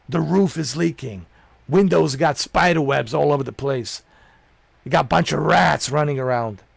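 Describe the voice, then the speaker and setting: Creaky and fairly high-pitched, this middle-aged man streams games and rants bluntly, swearing and preaching as he goes. It's a livestream rant captured in a dry recording.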